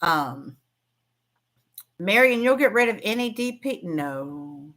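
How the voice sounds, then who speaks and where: Her voice sits in the middle range, a little bright and full of expression, and she speaks at an unhurried pace. As host of a casual crafting livestream, she reads viewer comments, laughs frequently, and lets thoughts trail away into restarts.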